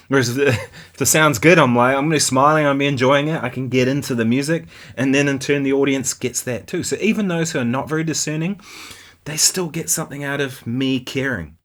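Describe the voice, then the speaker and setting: A man's voice: mid-range voice, a little fast, fairly bright tone. A man from New Zealand with a New Zealand accent, hosting a guitar channel and chatting casually about viewer comments, often laughing and asking "right?".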